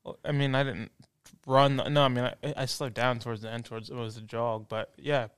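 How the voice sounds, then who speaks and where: A man's voice: mid-range voice, fairly even intonation, brisk, fairly bright tone, clean tone. A young man co-hosting a casual podcast, rambling and self-mocking, often laughing at himself. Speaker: podcast co-host. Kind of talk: casual chat.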